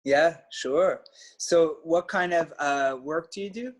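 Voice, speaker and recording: A passionate man, his voice pitched a little high. He talks casually and emphatically, now and then swearing, as he tells a story as a coach. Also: slow. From Canada. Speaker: trainer and guest coach.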